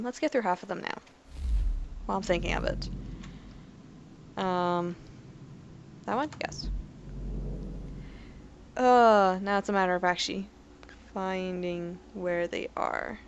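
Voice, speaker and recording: A woman's voice: medium pitch, creaky, highs cut off, a little hiss or hum. A woman doing casual let's play commentary, reading game entries aloud in a chatty, self-correcting way with giggly asides.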